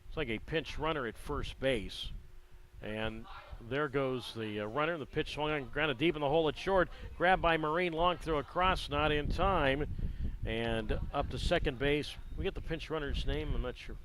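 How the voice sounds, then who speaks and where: A man's voice: a little high, a bit bright, a little hiss or hum, poor audio. Man calling baseball play-by-play. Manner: measured, conversational, with dry asides. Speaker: play-by-play announcer.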